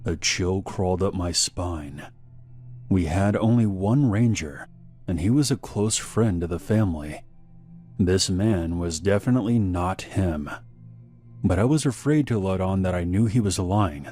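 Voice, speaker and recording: A man narrating a scripted horror story in a measured, deliberate way. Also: low-pitched, warm tone, soft background music.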